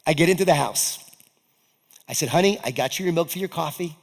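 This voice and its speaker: A man delivers a motivational keynote from a stage, his voice sitting somewhat high. He tells a story with animation, acting out his own remarks, and his words ring with the long reverb of a large event hall. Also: a little fast, gravelly. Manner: animated, acts out his own quoted lines. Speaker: keynote speaker.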